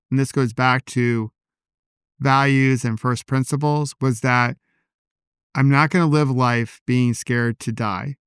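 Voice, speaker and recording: A man hosting a solo podcast, talking in a calm, personal, reflective way into a podcast microphone. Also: medium pitch, smooth, no echo, clean studio sound. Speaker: podcast host.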